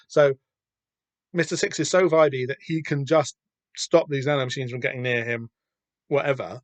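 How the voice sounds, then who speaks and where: A man's voice: medium pitch, steady tone, moderate pace, pauses often, no room sound. A man hosting a podcast, reading through a comic and rambling in loose, casual commentary. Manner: rambling, lots of fillers and restarts. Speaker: podcast host.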